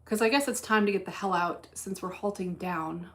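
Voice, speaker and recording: A woman hosting a casual livestream, reading chat aloud while day trading, blunt and deadpan with plenty of profanity. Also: mid-range voice, fairly quick.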